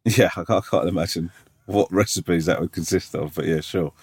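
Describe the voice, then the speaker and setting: A man's voice: sits low, fairly quick, very noisy. A man co-hosting a podcast, teasing and swearing in casual banter and reading out a listener's letter. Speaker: podcast co-host.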